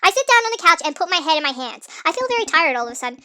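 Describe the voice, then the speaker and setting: Brief: jokey woman gamer narrating, very high and lively, bright tone, sped-up nightcore sound. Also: very fast. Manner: chatty, jokey, trips over words. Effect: sped-up, pitched-up nightcore edit. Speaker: gamer narrating a story game. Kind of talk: playthrough narration with commentary.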